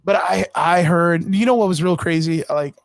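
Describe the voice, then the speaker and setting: High-voiced man hosting a casual stream. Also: normal speed, creaky, dry recording, clean studio sound. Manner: loose, rambling, swears often, many fillers. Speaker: live stream host. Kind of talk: casual chat. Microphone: home streaming setup.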